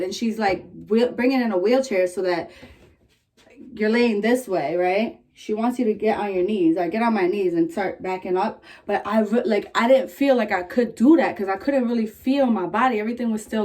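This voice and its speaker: A young woman vlogging, casually telling a story in a candid, profane, animated way, full of "like" fillers. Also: medium pitch, moderate pace.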